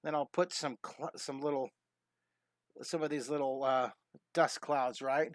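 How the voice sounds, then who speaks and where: A middle-aged man hosting a live-streamed drawing lesson, chatty and enthusiastic, greeting viewers and making quick cat sounds as he draws. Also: medium pitch, fairly even intonation, no room sound, studio quality.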